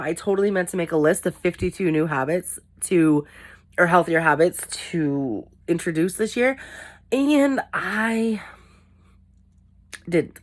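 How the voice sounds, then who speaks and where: Low-voiced woman vlogging candidly. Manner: candid, rambling, self-deprecating. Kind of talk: casual talk to camera.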